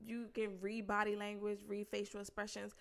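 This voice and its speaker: A woman co-hosting a podcast in casual chat, animated and emphatic, swearing casually. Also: mid-range voice, normal speed, gravelly. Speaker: podcast co-host.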